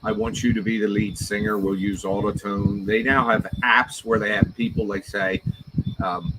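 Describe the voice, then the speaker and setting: A man's voice: fairly low pitch, little pitch movement, normal speed, background noise. A man hosting a rambling, joking late-night livestream, chatting casually with viewers and a companion. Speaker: livestream host.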